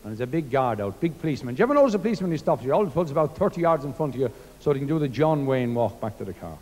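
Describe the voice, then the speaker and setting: An Irish man telling stand-up jokes on stage and acting out the dialogue as a lively storyteller. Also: medium pitch, racing, long reverb tail. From Ireland. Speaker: comedian.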